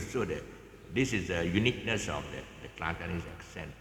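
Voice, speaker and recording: A very low-voiced man with a Malaysian English accent chats his way through a guitar lesson, his pitch swinging widely. He halts, restarts and chuckles often. The sound rings with a long echoey reverb over faint background ambience. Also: lively intonation, a bit bright, a little hiss or hum. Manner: halting, many fillers and restarts, chuckles often. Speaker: guitar teacher. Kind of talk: casual rambling tutorial chat. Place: outdoors, in the open.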